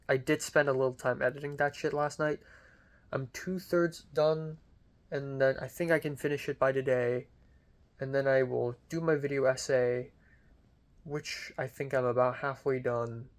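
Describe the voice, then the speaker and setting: A young man talking casually in a diary-style vlog, rambling with lots of fillers and the odd swear word. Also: mid-range voice. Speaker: vlogger.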